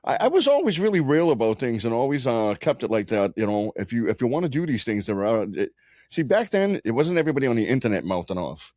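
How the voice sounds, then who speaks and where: A man's voice: mid-range voice, big pitch swings, fast, darkish tone, no room sound, studio quality. A man co-hosting a casual podcast, telling blunt, profane bar stories. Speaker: podcast co-host. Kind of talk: casual chat.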